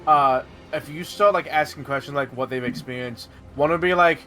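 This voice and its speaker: A man running a tabletop game as game master, explaining in a halting way full of fillers and restarts. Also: fairly high pitch, sharp tone, faint music behind.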